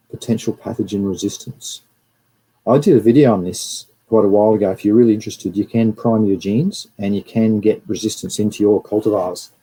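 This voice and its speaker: Husky, dark-voiced Australian man. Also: on the low side, low-quality recording. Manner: chatty, rambling, greets viewers between slides. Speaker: livestream host. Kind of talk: casual livestream lecture.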